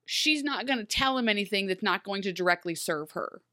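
A woman co-hosting a casual TV recap podcast, talking in an animated way with lots of asides and fillers. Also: medium pitch, fairly quick. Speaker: podcast co-host.

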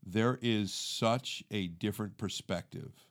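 A man co-hosting a faith podcast, explaining scripture in a casual, animated way and acting out everyday inner thoughts. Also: on the low side, slow pace. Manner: animated, acts out inner monologue; calls listener "dude". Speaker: podcast co-host. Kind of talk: conversational teaching.

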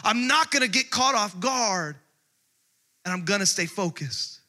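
A pastor preaches a sermon emphatically in a notably high, bright voice, swinging between loud outbursts and hushed, intimate asides. His intonation is lively and his pace a little slow.

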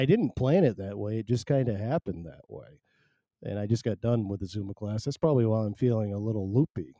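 A man's voice: on the low side, mellow, dry recording, studio quality. A middle-aged man hosting his own podcast in loose, rambling, self-amused casual chat. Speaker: podcast host. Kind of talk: casual solo podcast chat, reading listener chat.

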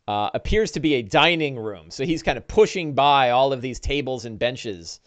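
A man narrating as game master, describing combat and breaking into loud monster voices. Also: mid-range voice, moderate pace. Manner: lively narration with shouted orc voices.

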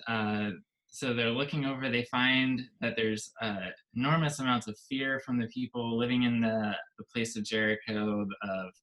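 A man who is a pastor, a guest on a podcast, summarizing a Bible story in a measured way with some hesitation. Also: fairly low pitch, fairly bright tone, low-quality recording. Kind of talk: casual podcast chat, summarizing scripture.

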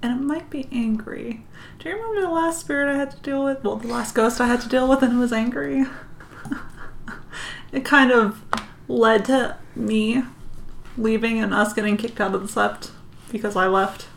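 A woman playing a tabletop game, bossy and quick to steer her group. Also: on the high side, vocal fry, a little hiss or hum. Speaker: player. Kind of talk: casual tabletop play.

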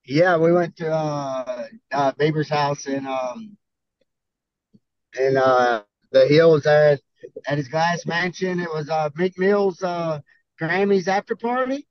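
A Southern man from Arkansas tells stories with a loose, cursing drawl. His voice sits high for a man. The sound is dry and a little dull, as if on a modest mic. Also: slow pace, no room sound. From Arkansas, USA. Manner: profane, laid-back drawl, laughing storyteller. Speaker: podcast guest, bull rider. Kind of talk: casual storytelling.

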